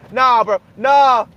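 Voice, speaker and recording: Young man, livestream host, very high voice, loud, half-yelling, crude jokey chat. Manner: loud, half-yelling over background noise; crude joking, frequent laughter. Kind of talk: casual livestream chat with viewers.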